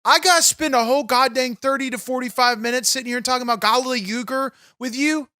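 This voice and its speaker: A man's voice: very high-pitched, fast, sharp tone, no room sound, studio quality. A man co-hosting a comedy podcast, ranting in exasperation and swearing constantly. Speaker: podcast co-host. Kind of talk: comedic banter.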